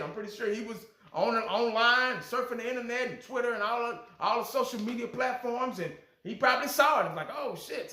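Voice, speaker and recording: A high-pitched, bright-toned man hosts casual fan commentary. He talks bluntly and profanely, getting fired up. The sound carries an echoey room around him. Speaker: fan channel host.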